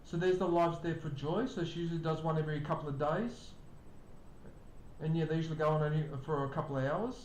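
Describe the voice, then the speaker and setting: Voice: fast talker, a little mellow. An older streamer, chatting casually with live viewers and greeting them by name. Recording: echoey room, faint rumble.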